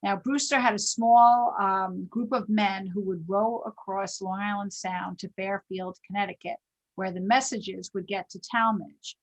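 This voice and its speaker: A woman author hosting a livestream, telling history with lively emphasis. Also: mid-range voice, a little slow, low-quality recording. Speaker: host and author.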